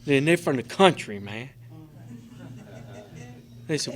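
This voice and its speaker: Very animated yet measured, with long pauses, a middle-aged man with a somewhat high voice shares a profane, emotional testimony with a recovery group. Speaking in a convention meeting room, he rambles, padding his talk with "man" and "you know."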